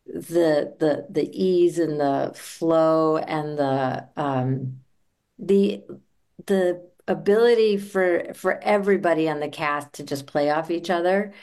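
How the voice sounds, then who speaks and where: A woman's voice: sits low, slow, darkish tone. A woman who acts on a comedy series, speaking earnestly in an interview and repeating words as she thinks. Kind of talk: casual interview chat.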